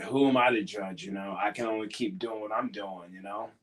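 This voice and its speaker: A man's voice: fairly low pitch, steady tone, fairly quick. A man who wrestles professionally, answering questions in a casual interview, earnest and a bit hesitant, encouraging at times.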